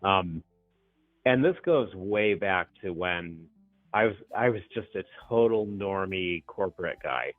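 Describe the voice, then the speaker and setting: A middle-aged man calling in to a talk show, telling a story in a chatty, animated way and laughing easily. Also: deep voice, a little slow, faint music behind. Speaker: caller. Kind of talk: casual phone call-in chat. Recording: tinny phone line.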